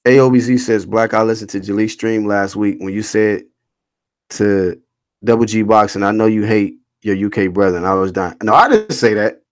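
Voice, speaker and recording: His voice sits lowish and moves at a normal speed as he hosts an informal boxing livestream. Reading chat comments aloud, he responds in a blunt, animated rant thick with slang and profanity.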